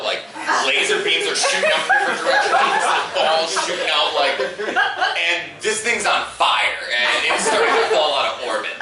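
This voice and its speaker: A man in his thirties doing a stand-up set, telling stories with acted-out quotes and laughing at his own jokes. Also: a little high. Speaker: stand-up comedian. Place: convention stage before a live crowd. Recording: echoey room, far from the mic, noisy.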